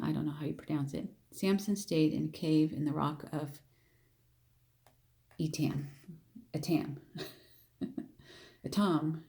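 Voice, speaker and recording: A woman teaching a Bible story in a loose, chatty way, rereading verses and thinking aloud as she explains them. Her voice sits fairly low for a woman and sounds mellow and relaxed. She punches out quoted lines with sudden emphatic lifts. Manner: chatty, thinking aloud with restarts and repeated phrases; plays out the figures' lines with raised, emphatic voice. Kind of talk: casual Bible reading and explanation.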